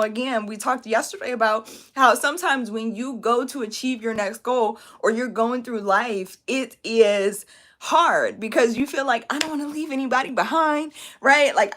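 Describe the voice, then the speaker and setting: A woman business coach talks on a live stream, emotional and close to tears. Her voice sits a little high and sounds bright. She is emphatic and encouraging, and keeps asking "okay?" and "right?". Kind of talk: live-stream motivational talk.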